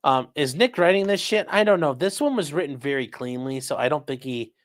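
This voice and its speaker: A man's voice: fairly high pitch, brisk. A man hosting a casual livestream, reading viewer messages aloud and making blunt, sarcastic, profane asides. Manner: sarcastic and blunt, swears freely. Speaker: livestream host reading chat. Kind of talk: casual live commentary.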